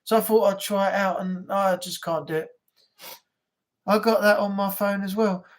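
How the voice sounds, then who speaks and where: A host of a casual weekly live chat, talking in a loose, rambling way. They drift from topic to topic and often break into laughter at their own stories. The pitch sits in a middle range. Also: steady tone, normal speed. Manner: rambling, chatty storytelling. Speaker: livestream host.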